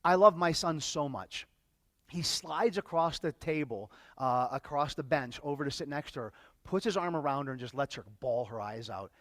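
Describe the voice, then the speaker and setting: A slightly high, expressive and somewhat bright male voice carries a personal story told to a live workshop audience, with no echo in the recording. The telling is emotional and halting, and he often repeats himself.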